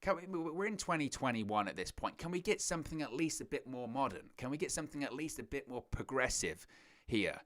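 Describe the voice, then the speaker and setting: A man's voice: mid-range voice, brisk. A man giving a casual spoken review of a wrestling event, repeating phrases and jumping his voice up when he mocks. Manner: animated, repeats phrases, voice jumps up when mocking. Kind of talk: casual opinion monologue.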